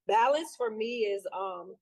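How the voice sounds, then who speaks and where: A woman's voice: mid-range voice, animated, measured pace, dry recording, rough recording. A woman guest in a casual interview, upbeat and talking freely with many fillers. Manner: upbeat, lots of fillers like "you know". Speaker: guest, trainer and sailor.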